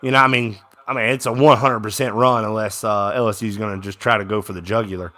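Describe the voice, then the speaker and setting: Quick-paced and casual, a young fan delivers live reaction commentary on a game. He mutters low complaints, then bursts into excited shouts at big plays.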